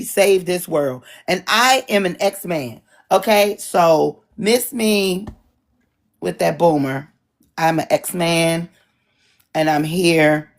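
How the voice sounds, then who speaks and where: A middle-aged woman moderating an online town hall, chatting casually with a husky voice and joking asides. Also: sits low, a little mellow. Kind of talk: casual chat to an audience.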